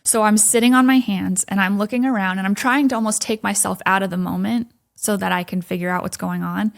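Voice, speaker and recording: A woman recounting her experience at church, animated, full of "like" fillers, dropping to a whisper when quoting her own thoughts. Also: medium pitch, a little fast, creaky. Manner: frequent "like" fillers, laughs often. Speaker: podcast guest. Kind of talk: personal testimony in conversation.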